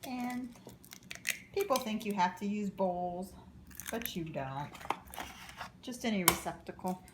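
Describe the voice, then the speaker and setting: A woman's voice: medium pitch, lively intonation, slow, reverberant, background noise. A woman casually demonstrating a home cooking recipe in her kitchen, chatty and rambling, with joking asides. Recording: kitchen clatter of dishes and pans.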